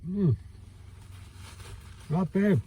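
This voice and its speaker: Brooklyn-accented man, food vlogger, very warm dark tone, slightly husky, rambling easy delivery. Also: sits high. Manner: rambling, relaxed, many filler pauses. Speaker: food reviewer. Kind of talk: casual outdoor food vlog. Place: outdoors by a lake.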